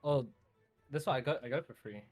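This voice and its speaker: A man playing a tabletop game, chatting in a relaxed, loose way. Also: mid-range voice, fast talker, soft background music. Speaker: player. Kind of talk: casual chat during a tabletop game.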